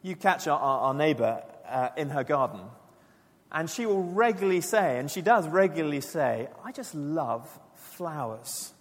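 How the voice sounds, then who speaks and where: A man preaching a sermon to his church, earnest and emphatic, dropping his voice low and quiet for key lines. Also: expressive, moderate pace. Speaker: pastor. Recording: long church reverb.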